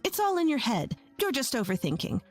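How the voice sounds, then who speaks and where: A woman's voice: sits high, big pitch swings, fairly quick, soft background music, voice pushed up. A woman voicing a harsh, scornful older mother-in-law who scolds and sneers.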